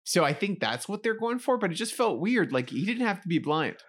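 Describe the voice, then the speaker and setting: A man co-hosting a podcast and chatting casually about a film. He talks in a jokey, expressive way, with a lively pitch that moves a lot. He often backs his co-host up with quick agreement. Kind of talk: casual movie chat.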